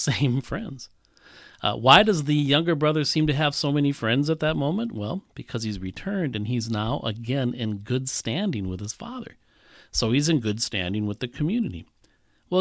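A man preaching a sermon, animated and emphatic, with frequent rhetorical questions. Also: mid-range voice, no echo, clean studio sound. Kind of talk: expository sermon.

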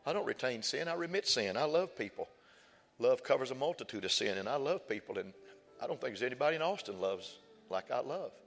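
A man's voice: medium pitch, animated, fairly quick, vocal fry. A man, a pastor telling a personal story in a sermon with folksy, emphatic repetition. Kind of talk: sermon testimony. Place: church sanctuary. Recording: church hall reverb with faint music.

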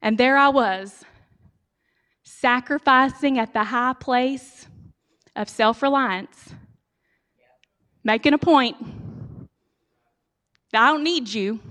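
A woman giving a storytelling sermon, animated and humorous, speaking directly to her audience. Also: sits high, takes it slowly, pauses often. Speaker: speaker giving a church talk.

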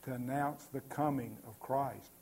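A man's voice: mid-range voice, fairly even intonation, measured pace, a little mellow, slight background noise. A man preaching a sermon earnestly, with many filler sounds and repeated words.

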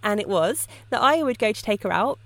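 A woman hosting a casual solo podcast on dog training, telling stories in a lively way and often laughing. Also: medium pitch, fairly quick. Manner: lively storytelling with frequent laughs.

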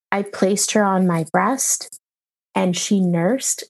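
Slow, gravelly-voiced mother telling her story. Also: mid-range voice. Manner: emotional, halting, fills with um. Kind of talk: personal account in an interview.

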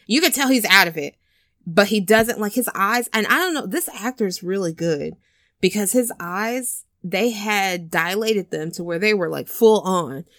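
A woman in an easygoing conversation, retelling scenes with lots of filler words and little acted bits. Her voice sits at a middle pitch for a woman. The sound is close and dry, with no room echo. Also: fairly bright tone. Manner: chatty storyteller, many "like"s, acts out scenes. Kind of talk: casual chat recapping a film.

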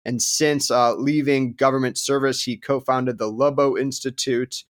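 A man's voice: medium pitch, normal speed. A male podcast co-host with a mid-range voice. He opens the episode in an easy, conversational tone. His speech is loose and full of "uh" and "you know". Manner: relaxed, conversational, many fillers. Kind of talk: podcast intro chat.

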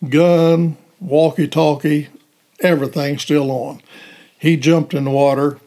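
An older man, a retired police officer, recalling events in halting, hesitant phrasing during an interview. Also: fairly high pitch, fairly even intonation, warm tone. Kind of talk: storytelling interview answers.

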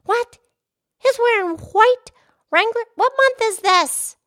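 This is kids' podcast character play: the host, a woman, voices a bubbly, enthusiastic cartoonish pig. She puts on a very high, squeaky voice that sounds a bit bright and exaggerated, and she takes her time.

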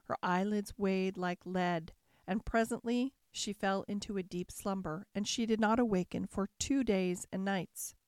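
A woman narrating a classic fairy tale as a calm, measured bedtime story. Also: mid-range voice, smooth, no echo, clean studio sound.

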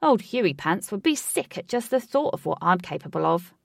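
A woman voicing a brash, boastful male rugby teammate who talks loud and cocky. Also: on the low side, sing-song, normal speed, gravelly, dry recording, studio quality, full character voice.

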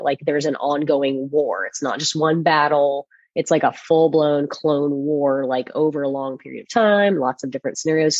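Low-voiced woman recapping a cartoon, rambly, dry kinda muffled sound. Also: darkish tone, dry recording. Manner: rambling, filler-heavy retelling. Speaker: podcast co-host. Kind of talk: casual chat.

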